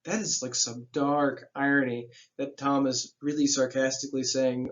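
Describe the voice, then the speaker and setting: A man's voice: mid-range voice, fairly even intonation, normal speed, few pauses, muffled recording. A man reading a novel aloud as a teacher, breaking off for casual asides that explain the plot in plain slang.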